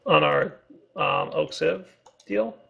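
An upbeat, teasing man chatting through gameplay in a fairly high voice. His voice is husky with a lot of gravelly fry. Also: takes it slowly, dull audio. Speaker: co-host of a game video series. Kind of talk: casual gameplay chat.

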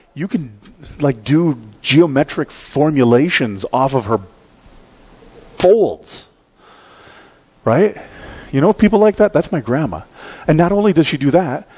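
In a church sanctuary, a pastor in his forties delivers a sermon through a humorous, self-deprecating story, regularly turning to the congregation with "right?" His voice sits on the high side, slightly mellow with a breathy edge.

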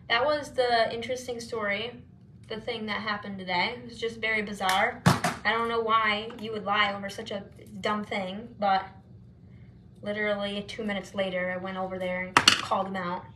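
A woman's voice: mid-range voice, pushed and bright, slight background noise. A young woman vlogging while doing her makeup, telling a long story in a chatty, rambling way, saying "like" constantly and acting out her side of the conversations. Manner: calls herself non-confrontational, rambling and exasperated.

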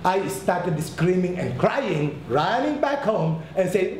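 A man's voice: sits high, very animated, moderate pace, hardly any pauses, darkish tone. A man in his sixties from the Philippines, telling his life story candidly and with profanity, often stammering over restarts. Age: 60s. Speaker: documentary subject. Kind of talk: personal storytelling. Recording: echoey room with background noise.

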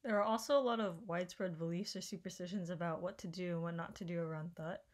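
Female student presenter, a bit low-pitched, steady and scripted. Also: fast talker. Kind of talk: reading a prepared presentation.

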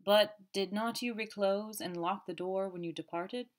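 A woman voicing an excitable male police commissary who speaks in urgent, blunt bursts. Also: medium pitch, unhurried, lightly acted. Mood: probing.

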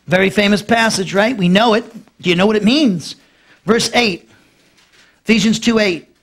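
A man preaching a verse-by-verse Bible lesson. His voice sits high, climbing further when he stresses a point and sinking low and soft as he wraps one up. He repeats key phrases for emphasis and asks questions of his listeners. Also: moderate pace. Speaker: pastor teaching a Bible class. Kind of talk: expository sermon.

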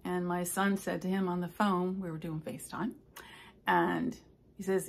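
An older woman, a stitching vlogger, chatting casually and telling rambling stories with soft asides. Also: lowish voice, very animated, normal speed. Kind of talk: casual chat.

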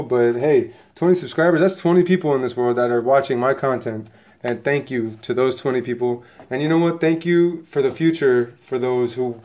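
A man hosting his own casual unboxing vlog, talking excitably and rambling straight to his viewers while sniffly from a coming cold. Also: medium pitch. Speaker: channel host opening trading cards.

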